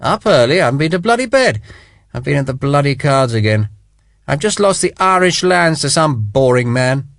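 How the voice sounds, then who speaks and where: A man's voice: a little high, sing-song, moderate pace, a bit bright, dry recording, clean studio sound, voice pushed up. A man reading an audiobook, voicing a mocking, rakish aristocratic British officer in a raised, theatrical voice. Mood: rueful joking. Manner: teasing, theatrical, bellowing. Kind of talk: audiobook character voice.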